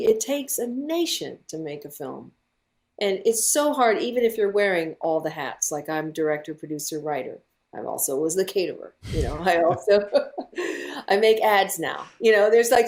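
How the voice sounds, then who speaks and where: Animated woman filmmaker telling stories. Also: medium pitch, moderate pace. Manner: animated storyteller, laughs often. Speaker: guest filmmaker. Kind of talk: casual interview chat.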